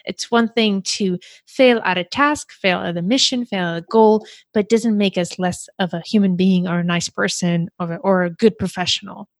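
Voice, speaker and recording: A woman's voice: medium pitch, fairly even intonation, moderate pace, hardly any pauses, dry recording. A woman hosting an interview, asking thoughtful questions and affirming her guest. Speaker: host.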